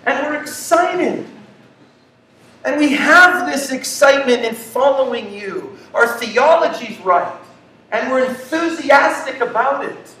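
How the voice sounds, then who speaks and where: Male pastor, high voice, slow and theatrical sermon delivery, distant mic in a reverberant church hall. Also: animated, slight background noise. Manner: dramatic swings between loud enthusiasm and hushed tones. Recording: echoey room, speaker far from mic.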